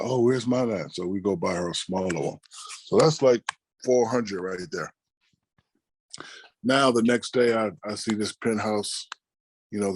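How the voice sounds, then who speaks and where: A middle-aged man, an interview guest, telling stories in a relaxed, conversational way and acting out the people he quotes. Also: deep voice, breathy edge. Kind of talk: casual storytelling.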